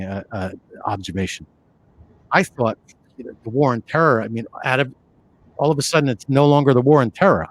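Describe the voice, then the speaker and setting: A man co-hosting a podcast in loose, conversational talk. He rambles with lots of fillers and restarts, and his voice sits at an ordinary middle pitch. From New York City area. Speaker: podcast co-host.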